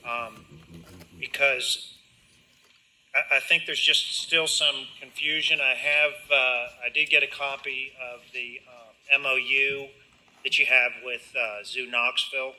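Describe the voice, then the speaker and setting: Measured man speaking at a meeting. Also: medium pitch, fairly even intonation, sharp tone, low-quality recording. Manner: measured, hesitant with fillers. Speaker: county commissioner. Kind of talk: public meeting remarks.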